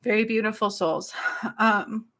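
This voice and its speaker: A woman in her forties hosting a spiritual healing livestream, talking softly and tenderly, tearful and apologetic. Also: medium pitch, fairly even intonation, a little slow. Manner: soft, tender and tearful, with frequent apologies and laughs. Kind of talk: emotional livestream talk.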